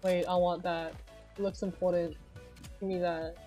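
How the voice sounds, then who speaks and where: A woman streamer giving excitable live commentary on her gameplay, shrieking and laughing at each moment. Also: fairly low pitch, normal speed, soft background music.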